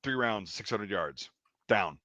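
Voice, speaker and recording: A man's voice: lowish voice, slow, no room sound. Male veteran, casual swearing storyteller, dry slightly muffled recording. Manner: profane, animated anecdote telling. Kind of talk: casual chat. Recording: dry, slightly dull sound.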